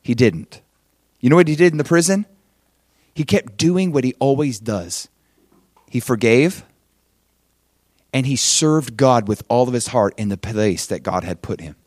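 A man preaching a sermon, telling a story in an animated way and acting out the quotes. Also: mid-range voice, measured pace, long pauses, no echo, clean studio sound. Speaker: pastor.

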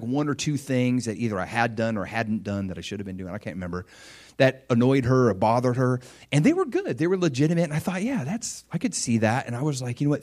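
A pastor preaches his sermon in a conversational, storytelling style, sounding earnest. When he quotes gentle apologies, his voice drops soft and low.

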